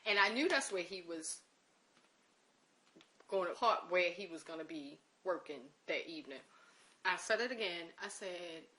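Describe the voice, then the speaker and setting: Bright-voiced woman telling a personal story. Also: fairly low pitch, a little slow, long pauses. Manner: animated, acting out quoted conversations; emotional recollection. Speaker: interviewee.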